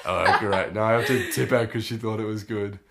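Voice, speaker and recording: Teen guy podcasting, lowish voice, animated story, acts out his reactions. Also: fairly quick, gravelly, heavy background noise. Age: late teens. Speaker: podcast host. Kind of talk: casual storytelling.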